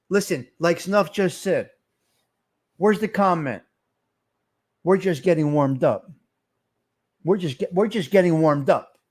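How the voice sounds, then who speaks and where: A middle-aged man, hosting a live stream and ranting in a heated, profane way while calling out to his chat. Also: sits high. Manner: fired-up, profane, shouting out to chat.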